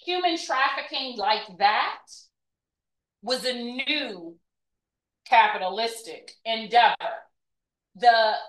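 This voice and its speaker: A woman's voice: on the high side, expressive, slow, pauses often, fairly bright tone. Woman in an echoey room, chatty. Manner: chatty, asks "right?" often. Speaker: historical presenter. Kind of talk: conversational history talk. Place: event room. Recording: echoey room, mic far off.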